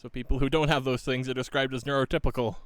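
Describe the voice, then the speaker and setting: A woman's voice: extremely low pitch, steady tone, fast, dry recording. A woman co-hosting a game stream who laughs often and explains things patiently in casual chat. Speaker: stream co-host. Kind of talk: casual let's-play chat.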